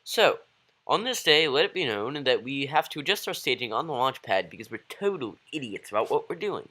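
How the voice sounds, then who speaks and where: A man's voice: medium pitch, big pitch swings, brisk, bright, forceful tone. A man putting on a theatrical accent as a grandiose male announcer proclaiming a launch.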